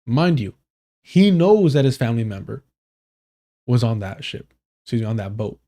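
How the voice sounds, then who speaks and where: Male streamer, mellow and warm, reads news aloud with blunt casual asides. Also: medium pitch, very animated, moderate pace. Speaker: live streamer. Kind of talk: casual live stream commentary.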